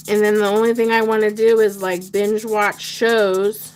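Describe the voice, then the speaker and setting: A woman's voice: mid-range voice, little pitch movement, normal speed, few pauses, a little mellow, slight background noise. A woman from Pennsylvania hosting a craft livestream, chatting casually and playfully with her viewers. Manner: chatty, whiny and playful, talks to chat and her dog. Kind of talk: casual live chat while crafting.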